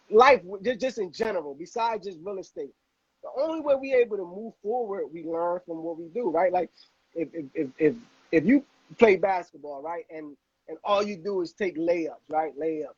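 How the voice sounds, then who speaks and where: Male host, high husky voice, animated slangy rambler, dry lo-fi audio. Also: moderate pace, no room sound. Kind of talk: casual chat.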